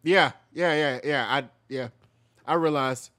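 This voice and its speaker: A man's voice: fairly high pitch, a little slow, fairly bright tone. A man streamer casually reacting to video clips, laughing often, swearing freely and fumbling names.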